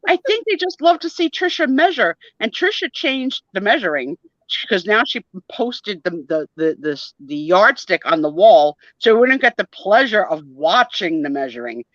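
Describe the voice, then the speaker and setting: A woman's voice: mid-range voice, very animated, normal speed, dry recording. A middle-aged woman with a New Jersey accent, chatting animatedly as a guest on a live stream and laughing often. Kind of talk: casual chat. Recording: dull lo-fi stream audio.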